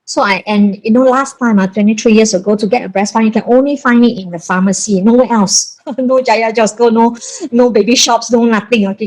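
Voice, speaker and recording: A woman's voice: mid-range voice, low-quality recording. A woman in her forties with a Malaysian English accent, telling a personal story in colloquial, emphatic speech and acting out the voices of the people she quotes. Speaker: breastfeeding consultant.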